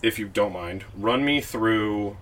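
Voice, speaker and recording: Bright-voiced man hosting a podcast. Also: on the low side, slow pace, rough recording. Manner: gentle prompting, casual swearing, checks in with "right?". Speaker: podcast host. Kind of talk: interviewing a guest.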